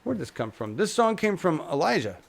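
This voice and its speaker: A man's voice: high voice, very animated, a little fast, creaky. A man hosting a casual livestream chat show, talking in a rambling, chuckling, self-deprecating way. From United States. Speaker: host.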